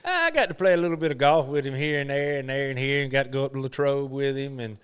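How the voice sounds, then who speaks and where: A man's voice: medium pitch, animated, fast, a bit bright, clear, resonant tone. A middle-aged man, a professional golfer, telling rambling folksy stories in an interview. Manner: folksy, rambling, lots of "you know". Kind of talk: casual storytelling interview.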